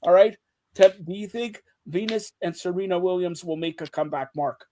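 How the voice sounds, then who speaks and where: A man's voice: high voice, normal speed, a little hiss or hum. A man hosting a casual sports chat show, teasing his co-hosts and talking over them. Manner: teasing, talks over others, animated.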